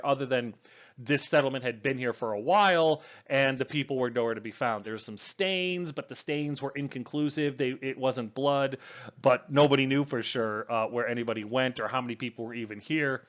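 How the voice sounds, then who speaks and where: A man talks through a book in a casual, rambling way, full of restarts and asides. His voice sits at an ordinary middle pitch. The recording is dull and lo-fi, like a home setup. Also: fairly bright tone. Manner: enthusiastic, rambling with fillers and restarts. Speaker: book reviewer. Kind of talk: casual spoken book review.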